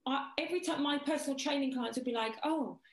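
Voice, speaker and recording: Woman, high voice, chatty and animated, roomy echo. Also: quick pace. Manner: chatty, animated storyteller, lively asides. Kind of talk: casual chat. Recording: echoey room.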